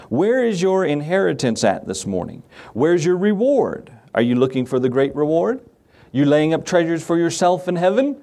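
A man's voice: a little high, very animated, normal speed, dark tone. A man pastor delivering a sermon, emphatic, posing questions and answering them himself. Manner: emphatic, asks and answers his own questions.

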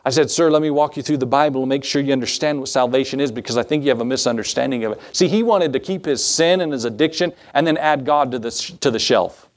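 A man preaching a sermon as pastor, emphatic, with rising bursts and slow drawn-out stresses. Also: medium pitch.

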